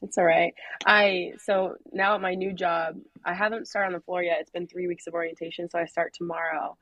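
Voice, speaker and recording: A woman's voice: fairly low pitch, little pitch movement, a little fast, a bit bright, dry recording, dull audio. A young woman, a newly graduated nurse, talking casually on a podcast, laughing often and using "like" a lot. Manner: chatty, laughs often, lots of "like". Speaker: guest, new grad nurse.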